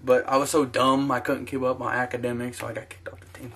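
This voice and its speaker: A man's voice: medium pitch, little pitch movement, quick pace, fairly bright tone. A man ranting in a profane, self-mocking sports vlog, talking to his own camera at home. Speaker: sports vlogger.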